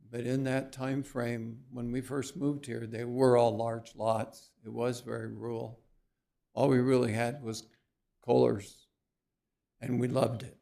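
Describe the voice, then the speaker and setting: A man's voice: mid-range voice, gravelly, a little mellow. A man from Virginia giving a blunt, indignant public comment at a council meeting. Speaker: resident speaking at public comment.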